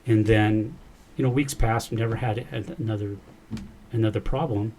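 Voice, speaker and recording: This man is a podcast guest recounting a personal experience in earnest, voicing the quoted dialogue along the way. His voice is lowish and dark in tone, with fairly even intonation and a moderate pace, over a faint hiss or hum.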